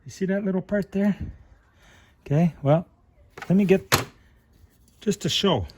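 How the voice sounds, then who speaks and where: A middle-aged man hosting a car repair channel, thinking aloud in an unhurried way while he works on a part at his bench. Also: sits high, a little mellow, a little hiss or hum. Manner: talks with a flashlight in his mouth at times. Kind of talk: hands-on repair demonstration.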